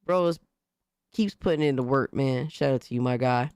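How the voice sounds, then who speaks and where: A young-sounding man streams live and chats to his viewers in a hoarse, worn voice after being sick. He talks in bursts of excitement, swears freely and keeps giving shout-outs. His voice sounds close and dry. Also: mid-range voice, normal speed, no echo. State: hoarse, recovering from illness. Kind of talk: casual live-stream chat.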